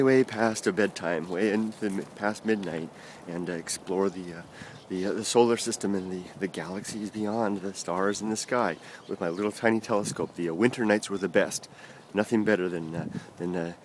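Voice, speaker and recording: A man telling a personal story on a walk outside, talking in a halting, rambling way with many fillers and restarts. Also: on the low side, a little mellow, slight background noise. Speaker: vlogger. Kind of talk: casual storytelling vlog. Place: outdoors on an early-morning walk.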